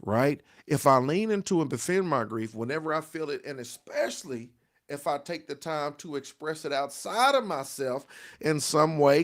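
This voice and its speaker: A man's voice: fairly high pitch, lively intonation, moderate pace, no echo, clean studio sound. A middle-aged man, a pastor, giving a devotional talk on grief in a repetitive, exhorting preacher cadence, often asking "right?". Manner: exhorting, call-and-response.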